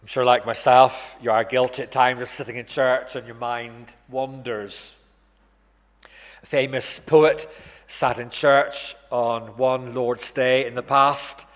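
Man preaching in a reverberant church. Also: mid-range voice. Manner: earnest, measured preaching with slowed emphasis. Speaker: pastor. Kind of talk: sermon. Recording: long reverb in a church hall.

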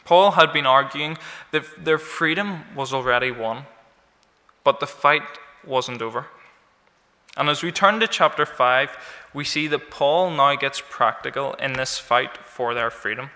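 Man, preacher, sermon, very bright tense tone, emphatic rises, long church reverb. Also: medium pitch, a little slow. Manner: animated, rising in emphasis on key words; light self-deprecating humor.

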